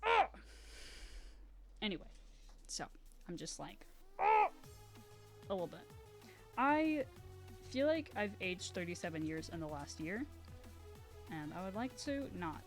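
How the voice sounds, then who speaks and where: A woman's voice: medium pitch, a little slow, long pauses, soft background music. Rambling young woman streamer, chatty. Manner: rambling, animated storytelling with acted-out quotes and laughter. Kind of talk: casual chat while painting on a live stream.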